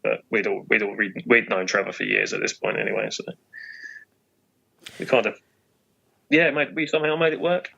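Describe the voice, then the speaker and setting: A man's voice: on the low side, normal speed, vocal fry, long pauses, bright, forceful tone, breathy edge, dull audio. A man with a Portsmouth English accent, a podcast guest who talks casually and hesitantly, with many fillers and restarts. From England. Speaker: guest musician.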